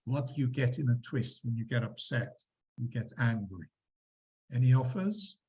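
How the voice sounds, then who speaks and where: A man lecturing a university class, explaining examples with animated emphasis and quizzing students. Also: medium pitch, a little slow, low-quality recording. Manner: lively, quizzing students, acting out quotes.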